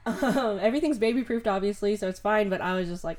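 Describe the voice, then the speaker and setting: A woman's voice: medium pitch, fast talker, darkish tone. Young us woman podcasting from home, chatty, lots of ums and likes, laughs a bunch. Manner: chatty, many fillers, laughs often. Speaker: podcast host. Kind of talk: casual podcast chat.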